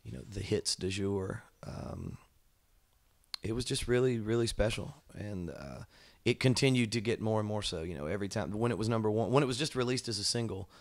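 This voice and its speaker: A man, a musician and songwriter, talking about his work in a relaxed, thoughtful way with many fillers. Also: lowish voice, brisk. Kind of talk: casual interview chat. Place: indoor music venue.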